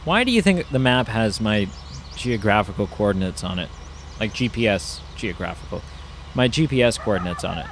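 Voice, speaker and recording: A man's voice: fairly low pitch, animated, moderate pace, a little hiss or hum. A man giving casual, rambling commentary while playing a farming game, musing aloud with lots of fillers. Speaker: gaming YouTuber.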